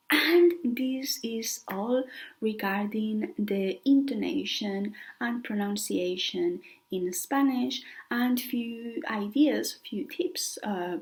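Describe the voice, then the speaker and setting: A woman's voice: mid-range voice, gravelly, rough recording. A woman teaching a beginner language lesson, carefully repeating example words to show how they sound. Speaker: Spanish teacher.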